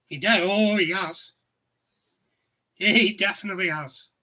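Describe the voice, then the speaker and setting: A man's voice: high-pitched, measured pace, pushed and bright, muffled recording. A middle-aged man, hosting a casual chat stream and telling anecdotes that he laughs at. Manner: chatty storyteller, laughs at his own anecdotes. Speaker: livestream host.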